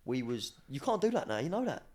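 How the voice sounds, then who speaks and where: A young man, telling stories in a slangy, cheeky, animated way during a casual podcast chat. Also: mid-range voice, quick pace. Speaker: podcast guest, former academy footballer.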